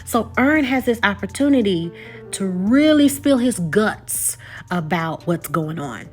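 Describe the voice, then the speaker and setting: Young woman host for a TV recap vlog, mid-pitched voice, chatty and direct, keeps checking in with the audience, light music underneath. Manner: conversational, repeats words and checks in with "okay?" and "right?". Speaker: TV episode reviewer. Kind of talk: casual recap and review monologue.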